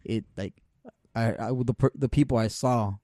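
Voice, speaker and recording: A man's voice: medium pitch, moderate pace, dark tone, dry recording, studio quality. A young man casually telling a story on a podcast, rambling with many fillers and curse words.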